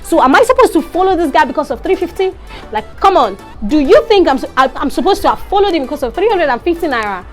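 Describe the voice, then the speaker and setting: A young woman with a Nigerian accent recounts her story in an animated, indignant vlog voice. Her speech sits high and swings widely in pitch. Faint music plays quietly underneath. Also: fast talker. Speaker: vlogger.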